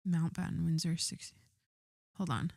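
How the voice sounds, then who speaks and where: A woman's voice: low voice, normal speed, gravelly, darkish tone, no echo, clean studio sound. A woman podcast host chatting casually as she reads out news items and reacts bluntly, swearing and often stopping to correct herself.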